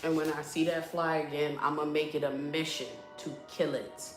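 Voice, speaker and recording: A young adult woman streaming from her apartment, chatting with viewers in an animated, profane, playfully complaining way. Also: sits low, moderate pace, faint music behind. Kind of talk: casual live-stream chat. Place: apartment room indoors. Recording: echoey room.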